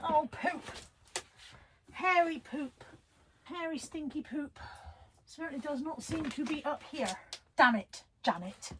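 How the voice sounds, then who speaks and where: A woman's voice: high voice, a little slow, long pauses, noisy background. A woman from England chatting casually to camera as a vlogger, self-mocking and muttering to herself as she goes through her post.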